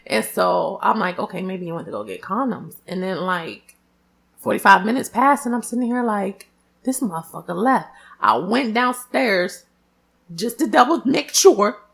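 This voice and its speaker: A young woman talking straight to her viewers in casual storytelling, her voice gravelly and swinging up and down a lot. She is loud and expressive, swears freely and drags out her exclamations. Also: medium pitch, moderate pace. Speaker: vlogger.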